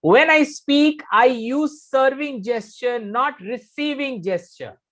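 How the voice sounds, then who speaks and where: A man's voice: very high-pitched, slow, a bit bright. A man with an Indian English accent teaching a live online English lesson. He is emphatic, repeats key phrases and quizzes his students. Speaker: English communication coach.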